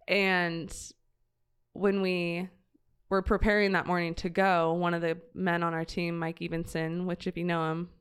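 Woman, earnest testimony, heartfelt, smooth clear voice, lowish pitch, halting restarts. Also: level tone. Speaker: guest sharing a mission trip story. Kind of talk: reflective personal testimony in conversation.

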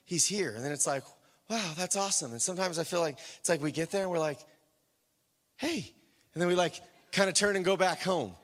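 High-voiced man preaching in a reverberant church. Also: fast, hardly any pauses. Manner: dynamic, swings from shouting to hushed whispers. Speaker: pastor. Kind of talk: sermon.

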